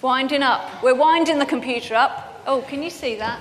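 A woman giving an earnest, personal sermon to a congregation, sometimes projecting and sometimes speaking softly. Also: sits high, normal speed, few pauses. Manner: earnest, personal, shifts between projected and soft-spoken. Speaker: preacher. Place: church hall. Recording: hall reverb, faint background noise.

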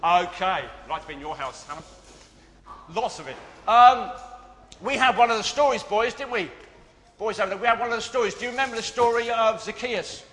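High-voiced man in an echoey hall. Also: brisk. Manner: earnest, with many fillers and restarts, lively when leading the children. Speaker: church children's club leader. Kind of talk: addressing a church congregation and children. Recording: long reverb of a big hall.

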